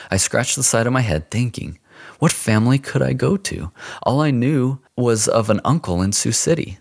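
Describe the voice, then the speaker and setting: Deep creaky male storyteller. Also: normal speed, no echo, clean studio sound. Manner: expressive, dramatic storytelling. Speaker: narrator. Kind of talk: first-person audiobook narration.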